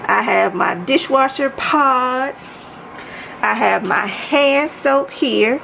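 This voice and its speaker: A home organization vlogger from Maryland gives a chatty, casual tour of her kitchen, addressing viewers directly as y'all while out of breath. Her high-pitched voice is creaky and sharp, and she takes it slowly, with slight background noise.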